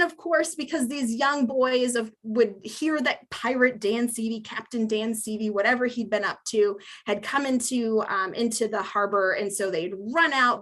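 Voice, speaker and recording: A woman's voice: a little high, a bit bright. A woman giving a museum lecture on local history, chatty and amused, with many fillers. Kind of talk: public history talk with slides.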